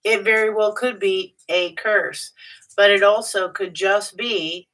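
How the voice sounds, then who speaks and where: Tarot reader, woman, slow unhurried delivery, a bit off-mic, blunt and chatty. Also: medium pitch, fairly even intonation, a bit bright, far from the mic, rough recording. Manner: blunt, chatty, with frequent fillers and restarts. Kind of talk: casual tarot reading monologue.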